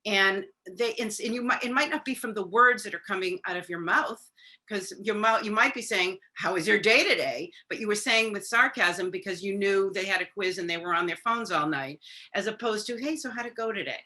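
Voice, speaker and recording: Woman, parenting expert on a video-call webinar, bright clear voice, chatty advice with lots of fillers. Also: medium pitch, fairly quick. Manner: conversational, acts out parent-child dialogue; frequent fillers.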